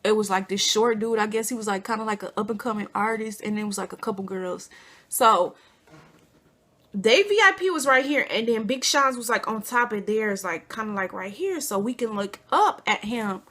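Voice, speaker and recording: Bright, chatty young woman telling a story. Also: medium pitch, moderate pace. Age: young adult. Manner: chatty, animated, many fillers. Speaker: vlogger. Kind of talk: casual storytelling.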